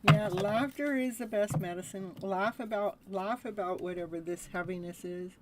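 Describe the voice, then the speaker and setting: Woman tarot reader, live stream, casual and giggly, medium pitch. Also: normal speed, very noisy. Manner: chatty, laughs often. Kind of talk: live tarot reading chat.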